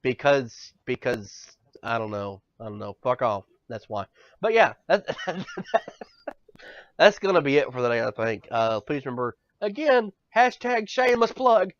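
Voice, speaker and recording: A man's voice: a little high, very animated, a little slow, no echo. Ranting, stammering man on a podcast. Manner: ranting, profane, stammers and repeats. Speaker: podcast co-host. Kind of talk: casual banter. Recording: dull lo-fi sound, dry.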